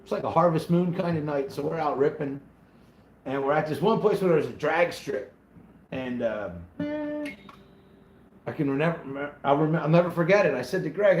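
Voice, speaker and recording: A man's voice: a little high, normal speed, pauses often, a little hiss or hum. A man in his forties, a channel host, casually telling a story on a livestream, laughing as he goes and greeting viewers by name. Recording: roomy echo with loud guitar music.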